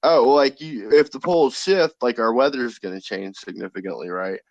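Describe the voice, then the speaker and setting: A man's voice: medium pitch, fairly quick, a little mellow, no room sound, muffled recording. Guy rambling on a podcast, swearing a ton, mid-range voice, dry mic. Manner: rambling, heavy swearing, lots of fillers. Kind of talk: casual podcast chat.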